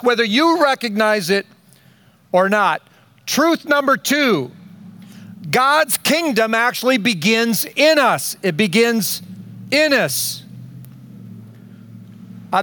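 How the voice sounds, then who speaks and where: An older man preaching a sermon, slow and emphatic, with dramatic pauses between phrases. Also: very high-pitched, pushed and bright, no room sound. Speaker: pastor.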